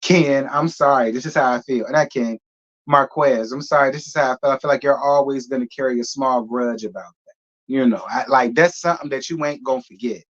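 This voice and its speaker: A man's voice: mid-range voice, a little fast, fairly bright tone, lo-fi sound. A man hosting a casual reaction commentary, talking bluntly and rambling, with slang and swearing. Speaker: commentary host.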